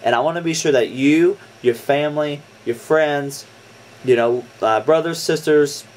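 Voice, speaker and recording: A man's voice: fairly high pitch, a little slow, a little mellow. A young man, an amateur weather vlogger, gives viewers an earnest, casual briefing on a coming storm threat. He fills his talk with "um" and repeats points for emphasis.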